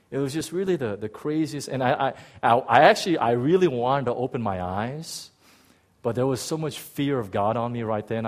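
Animated male pastor telling a story. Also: a little high. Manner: animated storyteller, swings from loud to hushed, many restarts. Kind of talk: testimony in a sermon.

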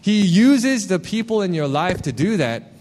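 A man preaching a casual, animated sermon, telling a personal story with frequent asides. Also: high voice, unhurried, a little hiss or hum. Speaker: worship leader preaching.

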